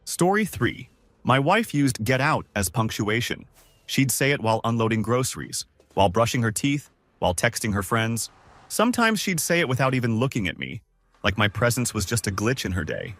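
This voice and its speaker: A man's voice: medium pitch, sing-song, normal speed, a bit bright, dry recording. A man narrating a first-person story with a scripted, dramatic delivery.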